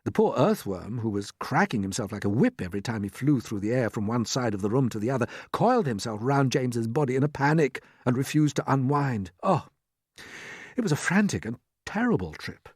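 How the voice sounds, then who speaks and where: A narrator reading a children's storybook aloud in an expressive, swooping storytelling manner. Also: medium pitch, brisk, hardly any pauses, husky, dry recording, studio quality. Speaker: audiobook narrator.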